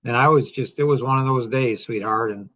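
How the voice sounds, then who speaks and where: Bright-voiced joking male podcast host. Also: medium pitch, fairly quick. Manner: joking, rambling, tender toward his children. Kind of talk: casual monologue.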